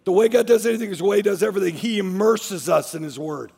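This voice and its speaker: A man's voice: sits high, quick pace, creaky, a little mellow, breathy edge, long reverb tail. A man preaching a sermon as a pastor, emphatic, repeating his phrases as he drives each point home.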